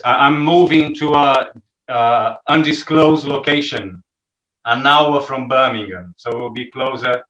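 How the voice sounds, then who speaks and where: A man's voice: a little high, a bit bright, reverberant, rough recording. A man with a non-native English accent, giving a chatty, joking update to his church. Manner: chatty, self-deprecating humor. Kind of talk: casual livestream talk.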